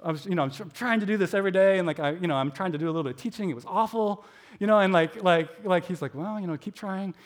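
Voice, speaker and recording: A man with a high voice, middle-aged, gives a sermon that sounds like a friendly chat. He is self-deprecating and fills his talk with little likes. He acts out his own inner voice as he tells his stories. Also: rapid-fire. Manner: chatty, self-deprecating, many filler likes; animated storytelling with acted inner voices. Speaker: preacher. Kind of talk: conversational sermon.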